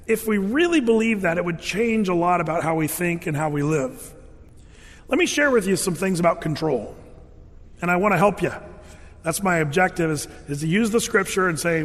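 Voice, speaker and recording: Man, preacher, sermon, lively storytelling, high voice, long hall reverb. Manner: lively storytelling with sound effects and voiced quotes. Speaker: pastor.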